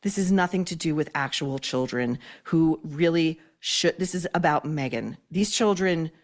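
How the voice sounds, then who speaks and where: A woman's voice: deep voice, normal speed. A woman giving blunt, scathing podcast commentary.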